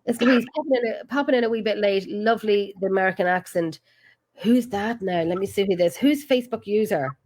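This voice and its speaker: Irish woman, show host; chatty, lively, greets viewers, mid-pitched voice. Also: brisk. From Ireland. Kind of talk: casual chat, reading viewer comments.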